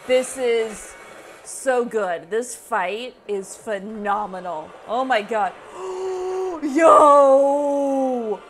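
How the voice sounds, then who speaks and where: A woman's voice: medium pitch, slow pace, soft background music. A woman hosting a reaction video, cheering, gasping, and swearing at what she watches. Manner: loud gasps, cheering, and swearing. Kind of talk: excited reaction commentary.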